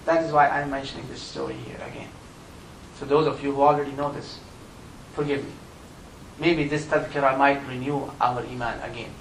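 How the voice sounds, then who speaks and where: A man giving an impassioned Friday sermon as imam, his voice surging high and loud on key points. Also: level tone, moderate pace, slight background noise. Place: mosque prayer hall. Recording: echoey room miked from a distance.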